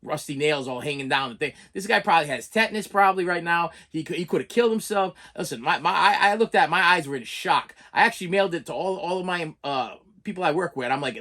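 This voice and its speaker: A man's voice: a little high, expressive, fast, few pauses, fairly bright tone. A middle-aged man who collects movies, telling a long story in a casual, rambling way and often stammering and repeating words.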